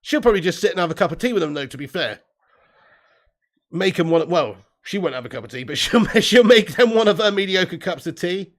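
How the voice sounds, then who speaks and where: A man's voice: high-pitched, animated, a little fast. A man hosting a live football watch-along, reading viewer chat aloud and commentating with lots of swearing and laughter. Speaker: host.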